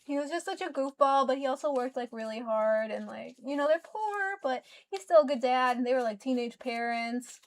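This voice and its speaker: A woman chatting casually as a co-host, relaxed and swearing easily. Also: high-pitched, fairly quick, few pauses. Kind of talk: casual chat.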